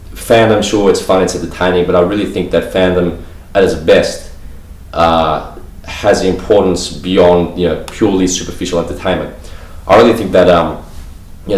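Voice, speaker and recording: A man's voice: low voice, darkish tone. A man vlogging casually to camera, rambling with many fillers. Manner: rambling, heavy fillers like "you know" and "like". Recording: echoey room, voice a bit far from mic.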